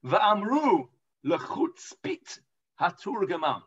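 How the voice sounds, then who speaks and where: A man's voice: high voice, very animated, slow, slightly rough, lo-fi sound. A man with an English accent teaching an informal Talmud class, chatty and full of hesitations. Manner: chatty explaining, lots of hesitations.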